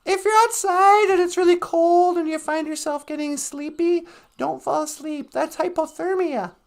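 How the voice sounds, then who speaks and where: A woman's voice: extremely high pitch, steady tone, moderate pace, gravelly. A woman hosting a live-stream podcast, chatting casually in a meandering way with playful asides. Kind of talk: casual rambling chat.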